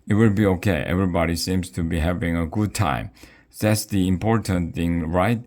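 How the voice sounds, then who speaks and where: A man voicing a mother calming her upset husband. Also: low voice, normal speed, close to an everyday voice. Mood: soothing. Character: soothing mom, then eager.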